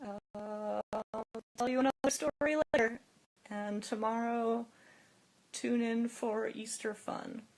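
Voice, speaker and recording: A woman's voice: a little high, fairly even intonation, slow pace, darkish tone. A young woman hosting a phone livestream, telling a story in a chatty, casual way with lots of "like" and frequent laughs. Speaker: livestream host.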